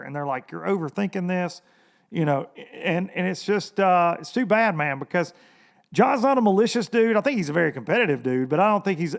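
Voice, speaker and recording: A young man hosting a casual podcast, rambling and profane, laughing often as he talks. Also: high-pitched. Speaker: podcast host.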